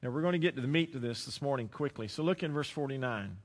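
A man pastor preaching a sermon, praying and then expounding scripture with rising emphasis and dramatic pauses. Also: mid-range voice, lively intonation, long reverb tail.

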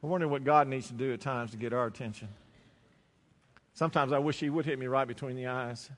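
A man with a Southern American accent preaching a sermon, telling stories and slowing down or dropping to a hush to stress a point. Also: medium pitch, steady tone. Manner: storytelling preacher, slows and drops to a hush for emphasis. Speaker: pastor. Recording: long reverb of a large hall.

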